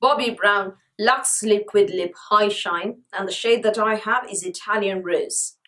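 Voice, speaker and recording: She's a beauty vlogger nursing a sore throat, speaking around a lozenge in an upbeat, talkative product review where she repeats words for emphasis. Her mid-range voice is unhurried and fairly bright, and the recording is rough.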